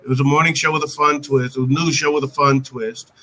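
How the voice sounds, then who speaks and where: An American man hosting a casual live-stream chat over a video call, talkative and quick to laugh, often restarting sentences. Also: fairly high pitch, steady tone, bright, forceful tone, poor audio. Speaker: host.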